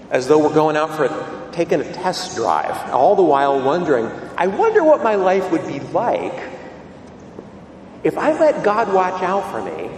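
A man serving as a priest, delivering a homily in a storytelling manner that swings up into high, excited tones. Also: slight background noise. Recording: roomy hall reverb, voice from a distance.

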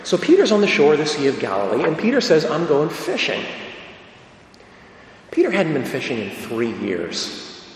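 A priest giving a sermon, telling the story dramatically, sometimes dropping to a low hush. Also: male voice, wildly swooping pitch, normal speed, pauses often, a little hiss or hum. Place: large church. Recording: echoey church with long reverb.

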